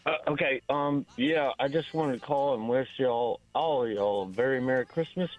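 A man's voice: mid-range voice, moderate pace, faint music behind. Florida guy calling in, kinda hesitant and friendly, muffled phone sound. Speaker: caller. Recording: dull phone line.

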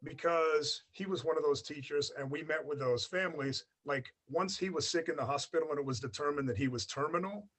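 A man's voice: on the high side, fairly quick, hardly any pauses, a bit bright. A man in his forties, raised in Australia by an American family, with a blended American-Australian accent, telling his story in a rambling, chatty way with many fillers. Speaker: guest. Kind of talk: casual storytelling interview.

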